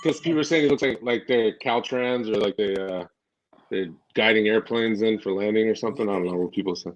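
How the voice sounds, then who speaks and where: A man's voice: on the low side, brisk, muffled recording. A man in casual podcast chat, talking hesitantly and putting himself down.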